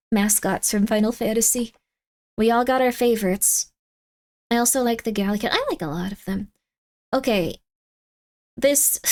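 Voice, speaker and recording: A woman streaming live, chatting casually and rambling in exasperated disbelief, her voice often jumping up in pitch.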